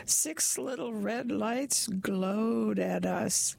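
A woman reads a first-person story aloud, slow and unhurried. Her voice has a gravelly fry, and her delivery is wry and deadpan. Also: medium pitch. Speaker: narrator. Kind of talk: storytelling reading.

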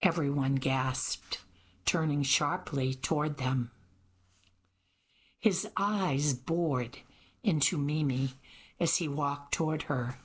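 Low husky woman reading a mystery novel aloud, slow and steady. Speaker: audiobook narrator. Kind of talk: scripted narration.

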